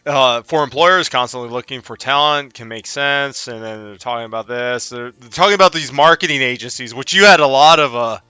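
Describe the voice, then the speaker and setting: Slow-talking teasing guy on a stream, super bright crisp voice, dry close sound, laughs a lot. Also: medium pitch, no echo, faint music behind. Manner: teasing, laughs often, drawn-out delivery. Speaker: livestream co-host. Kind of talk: casual livestream chat.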